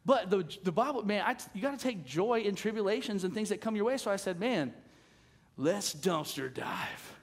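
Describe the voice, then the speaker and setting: Brief: male pastor, casual sermon storyteller, slightly high voice, plays out the dialogue. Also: fast talker, hardly any pauses. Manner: casual, animated storyteller acting out conversations. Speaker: senior pastor.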